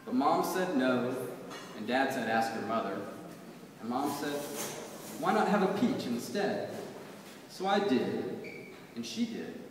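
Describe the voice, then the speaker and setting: A man's voice: medium pitch, big pitch swings, distant mic, noisy background. Man reading poems in an echoey hall. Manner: rhythmic, measured recitation. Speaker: poet. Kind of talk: poetry reading.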